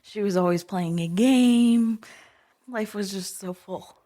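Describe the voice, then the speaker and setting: A woman guest on a podcast, telling family stories in an unhurried, gentle way with soft laughter between thoughts. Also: medium pitch. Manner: unhurried, often laughing softly while remembering. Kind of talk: casual interview storytelling.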